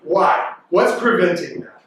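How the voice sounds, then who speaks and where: A man preaching a lively, joking sermon to teenagers, with sudden loud outbursts when he acts out reactions. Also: high-pitched, measured pace. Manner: animated and jokey, bursts into loud mimicking. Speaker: youth pastor. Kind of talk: youth sermon. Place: large echoey worship hall. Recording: distant mic in reverberant hall.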